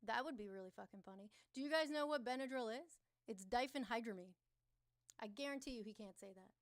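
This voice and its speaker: A woman hosting a casual livestream with a voice pitched a bit high. She talks straight to her viewers, teasing them, answering the chat aloud and swearing without a second thought. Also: a little fast. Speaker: livestream host.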